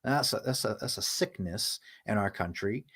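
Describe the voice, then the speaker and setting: A man's voice: fairly low pitch, lively intonation, moderate pace, fairly bright tone, slightly rough. A man hosting a stream, telling a story in a casual, profane monologue and acting out the voices of people he quotes. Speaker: livestream host.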